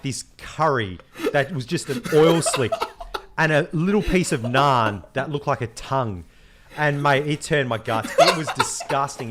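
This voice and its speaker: A young Australian man co-hosting a podcast, telling stories in an animated, swearing rush. His pitch is a middling man's pitch, and a faint noise sits under the recording. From Western Australia. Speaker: podcast co-host. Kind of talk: casual chat.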